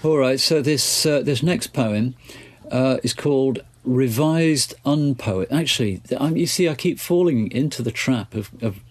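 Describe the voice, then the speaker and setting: A man's voice: mid-range voice, a little slow, few pauses, breathy edge. A man hosting a casual chat, introducing pieces and thinking aloud with hesitations. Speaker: host.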